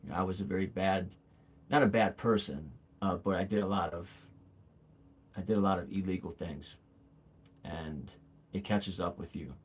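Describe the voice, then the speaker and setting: In casual livestream chat, a man in his forties talks candidly with a deep, husky voice at normal speed, pausing often. He rambles with frequent fillers and restarts and calls viewers "bro" and "man."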